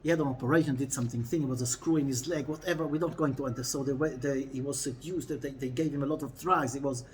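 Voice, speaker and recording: A man giving a weekly Torah lesson in a lively, laughing way, often repeating phrases as he explains. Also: medium pitch, quick pace, few pauses, a little hiss or hum. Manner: animated, laughing, mixing in Hebrew quotes. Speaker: Torah teacher.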